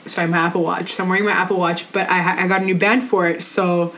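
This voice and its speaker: A woman's voice: lowish voice, level tone, quick pace, fairly bright tone, rough recording. A woman telling a story in loose, casual chat. She jokes brashly and swears freely. A faint noise sits under her voice.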